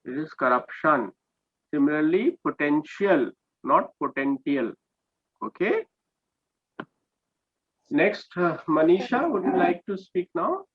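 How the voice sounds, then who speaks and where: Husky Indian English teacher on a video call. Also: male voice, high-pitched, sing-song, a little slow, pauses often. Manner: patient, corrective, often checks with "okay?". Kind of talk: online class feedback. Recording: dull lo-fi video call audio.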